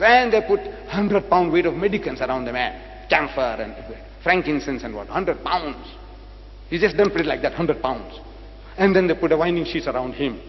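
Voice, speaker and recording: An older man from South Africa preaching to an audience, dramatic and full of rhetorical questions, repeating phrases for emphasis. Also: a little high. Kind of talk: public lecture to an audience. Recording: lo-fi hall recording with faint hum.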